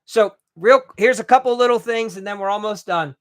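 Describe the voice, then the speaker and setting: A man coaching remodelers in a live training, blunt and a bit profane, talking in quick bursts with restarts. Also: high-pitched, no echo, studio quality. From United States.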